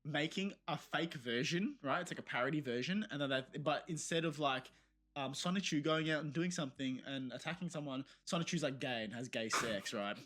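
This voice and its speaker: A young man co-hosting a podcast, telling stories in casual chat, animated and laughing, swearing freely. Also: fairly high pitch, a little fast. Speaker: podcast co-host.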